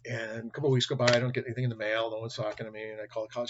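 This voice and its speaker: A man's voice: mid-range voice, little pitch movement, very fast, few pauses, lo-fi sound, a little hiss or hum. A middle-aged man, a college instructor giving a recorded lecture, telling stories and acting out the dialogue in them. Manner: storytelling with acted-out dialogue. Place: home or office webcam recording.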